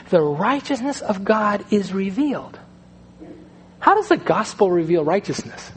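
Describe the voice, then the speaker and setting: A male pastor preaching a sermon in a conversational style, swinging between loud stretches and hushed ones. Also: high voice, a little hiss or hum.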